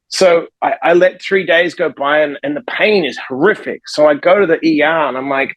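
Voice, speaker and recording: A man who is a life coach and author, telling a story in a podcast conversation with lively energy and acting out the people in it. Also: a little high, a little fast, few pauses, no room sound, rough recording. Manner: energetic, acts out the people in his stories.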